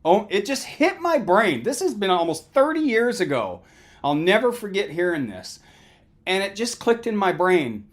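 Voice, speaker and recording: Middle-aged male counselor, emphatic and conversational, keeps asking "right?"; very animated delivery. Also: high-pitched, normal speed. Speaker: counselor giving a lecture. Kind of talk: motivational talk.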